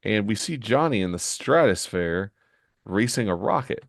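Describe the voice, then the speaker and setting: A man co-hosting a podcast, reading a comic aloud with animated, incredulous asides. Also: on the low side, moderate pace, vocal fry, no echo, clean studio sound. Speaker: podcast co-host.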